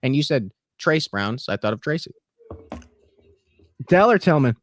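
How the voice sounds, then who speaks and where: A man's voice: medium pitch, sing-song, moderate pace, dry recording, clean studio sound. Playful joking man on a live stream. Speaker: stream co-host. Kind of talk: casual live-stream banter.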